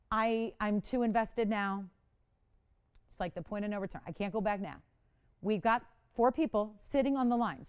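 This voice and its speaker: Female shopping-channel host, bright and higher-pitched, crisp smooth delivery, animated and chatty with callers. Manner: dramatic, playful self-mocking. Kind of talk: live jewelry auction selling. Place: TV studio.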